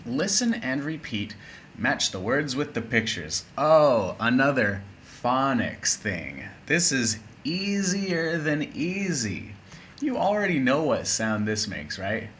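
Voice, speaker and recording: A man teaching an English lesson, playful and chatty, with a bright, forceful voice. He speaks slowly and deliberately. A faint hiss of background noise sits under the voice. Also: mid-range voice, big pitch swings. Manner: playful, chatty, with spoken asides. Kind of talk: casual video lesson.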